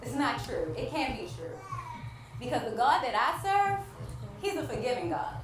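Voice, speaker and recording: An actress playing a grieving wife who longs for a child, delivering an emotional stage monologue that moves between despair and faith. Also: female voice, sits high, big pitch swings, moderate pace, distant mic, music in the background. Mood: heartbroken. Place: theater stage. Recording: echoey stage miked from afar.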